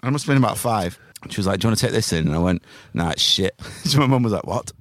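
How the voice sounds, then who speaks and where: A man rattles through crude, joking banter at a quick clip. His voice sits low, and his stories come with acted-out quotes. The close microphone sounds dry. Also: lively intonation, no room sound. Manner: fast, joking, acts out quotes. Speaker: podcast co-host. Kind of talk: casual sweary banter.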